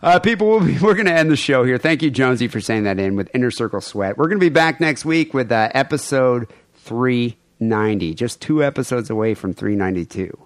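A man's voice: mid-range voice, animated, brisk, hardly any pauses, no room sound. Laid-back joking male podcast host. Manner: joking, laughs often, loose rambling. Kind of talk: casual crude podcast banter.

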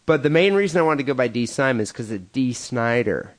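A man's voice: mid-range voice, animated, quick pace. A man co-hosting a crude comedy podcast in casual chat, rambling with lots of fillers and laughing at his own jokes. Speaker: podcast co-host.

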